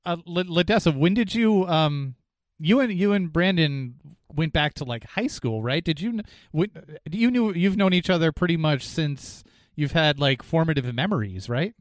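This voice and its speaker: A man's voice: a little high, animated, moderate pace, no echo. A man interviewing a guest, asking long, meandering questions that he corrects as he goes. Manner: rambling, self-correcting questions. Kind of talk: interview conversation.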